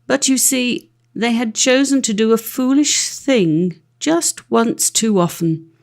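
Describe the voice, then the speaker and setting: A woman narrating a classic fairy-tale audiobook with an expressive, lively reading. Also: on the high side, takes it slowly. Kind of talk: storybook narration.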